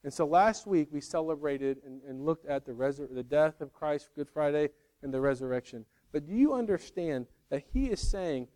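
A man preaching a sermon in an earnest way, moving between raised, emphatic lines and hushed, quiet ones. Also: fairly high pitch, animated, moderate pace. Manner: earnest, swings from loud to hushed. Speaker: pastor.

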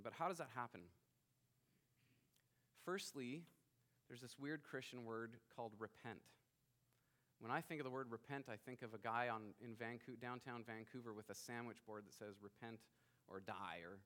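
A man in his thirties preaching a sermon as pastor, emphatic, rising to loud bursts and dropping quiet. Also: mid-range voice, moderate pace.

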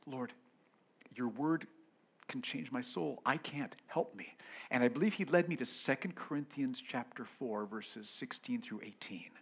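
A middle-aged male pastor preaching a sermon, moving between loud exclamations and hushed whispers. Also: medium pitch, measured pace, husky.

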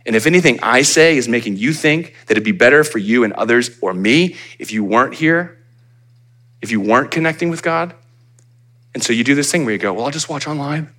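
Speaking at a medium pitch and a fairly quick clip, a U.S. pastor delivers his sermon like a conversation. He's animated, playing out small side remarks for the congregation.

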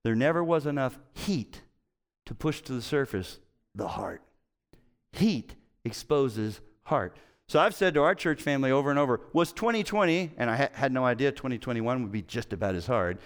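A middle-aged man preaching a sermon as pastor, conversational and emphatic, swinging between loud and quiet. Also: mid-range voice, lively intonation, normal speed, clean tone.

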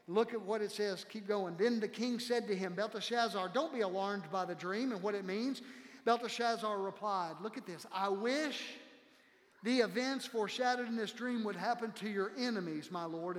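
High-voiced preacher in a reverberant church hall. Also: male voice. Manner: impassioned, drops to hushed tones for quotes. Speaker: pastor. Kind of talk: sermon. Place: church sanctuary.

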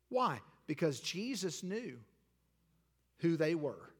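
A man pastor preaching a sermon in an animated way, swinging from loud declarations to hushed lines. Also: sits high, moderate pace. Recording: long hall reverb.

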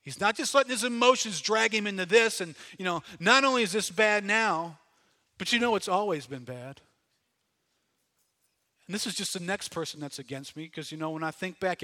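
A man preaching a sermon, animated, dropping low and then shouting as he acts out inner voices. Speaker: pastor.

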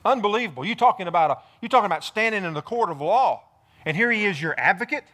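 A man preaching a sermon to a church congregation, retelling a Bible story and speaking David's words in first person with animated delivery. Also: high voice, fast. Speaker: pastor.

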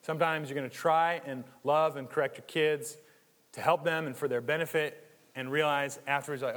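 A man preaching a sermon in a church, conversational and animated, with jokes and asides. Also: mid-range voice, a little fast, long reverb tail. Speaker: pastor.

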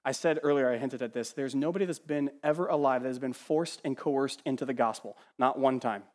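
A man preaching a sermon as pastor, animated, sometimes mimicking the voices he quotes and dropping to a hush. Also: medium pitch, a little fast, in a large hall. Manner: animated, acts out quoted voices, swings from loud to hushed. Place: church sanctuary.

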